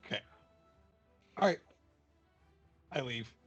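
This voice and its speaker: A man playing a tabletop game, speaking slowly and hesitantly with a husky voice. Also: a bit bright, highs cut off, faint music behind. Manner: slow, hesitant, chuckling. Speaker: player.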